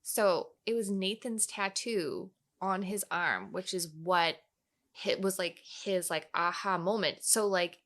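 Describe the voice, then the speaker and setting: Woman guest, bright forceful tone, animated storytelling. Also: lowish voice, slow pace. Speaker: podcast guest. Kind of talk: casual storytelling.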